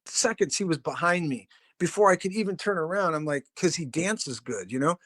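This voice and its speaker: A man's voice: fairly high pitch, expressive, a little fast, a bit bright, no room sound, studio quality. A middle-aged man, a drummer and podcast guest, telling stories casually in a rambling, profane, laid-back way with lots of fillers. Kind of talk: casual storytelling.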